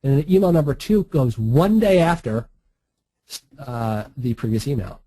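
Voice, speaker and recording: A man's voice: mid-range voice, expressive, measured pace, dark tone, husky, no room sound, poor audio. A man walking through a screen-share marketing tutorial in a chatty, breezy way, with frequent laughs and asides. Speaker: online marketing instructor.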